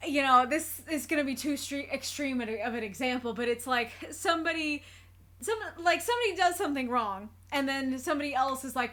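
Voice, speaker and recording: A woman's voice: sits high, brisk, fairly bright tone. A woman giving casual spoken commentary for a reaction video. She talks earnestly, laughs often and circles back over her thoughts as she works them out.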